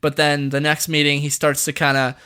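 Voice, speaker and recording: A man's voice: on the high side, completely flat delivery, a little fast, sharp tone, clear, resonant tone. Rambling, laughing male voice actor. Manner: rambling, restarts a lot, laughs often. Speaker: voice actor guest. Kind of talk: casual podcast interview.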